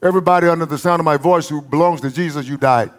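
A man preaching with an East Texas accent, his voice pitched a little high. He drives his points home through repetition and homespun humor, in the loose rhythm of a live sermon. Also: fast talker.

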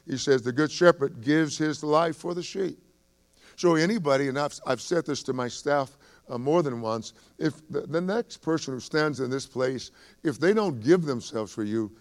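A male pastor delivers a sermon in a gravelly, fry-tinged voice at a middling pitch. He repeats his phrases again and again. At his peaks he climbs into fervent, raised emphasis. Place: church sanctuary.

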